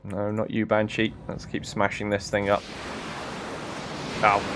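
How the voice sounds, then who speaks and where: A man's voice: fairly low pitch, completely flat delivery, normal speed, slight background noise. A man casually commentating on his gameplay, thinking aloud and often chuckling. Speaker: streamer.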